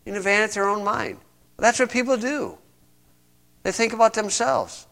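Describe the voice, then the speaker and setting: A man preaching a conversational sermon, stressing points and reading scripture slowly. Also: high voice, creaky, a bit bright. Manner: conversational, emphatic, reads scripture aloud slowly.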